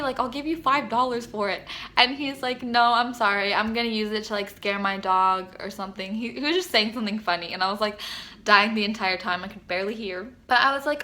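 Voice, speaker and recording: Young woman gushing to her camera, bright and a bit high, rambly storytelling with tons of "like". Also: normal speed. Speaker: vlogger. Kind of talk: excited fan vlog to camera.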